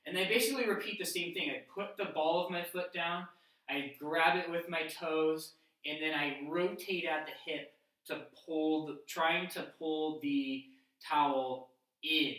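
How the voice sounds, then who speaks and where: A man's voice: fairly high pitch, measured pace, fairly bright tone. A man teaching a workout, explaining each exercise step by step while he demonstrates the moves. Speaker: fitness instructor. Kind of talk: instructional workout demo. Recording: very echoey room, mic at a distance.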